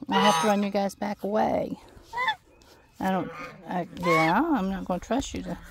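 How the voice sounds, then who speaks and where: A woman on her farm garden, talking to her geese in a coaxing, gently scolding way while filming on a handheld phone. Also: mid-range voice, moderate pace. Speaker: farm vlogger. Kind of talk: casual talk to animals while filming. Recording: loud outdoor noise, geese honking. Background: geese honking.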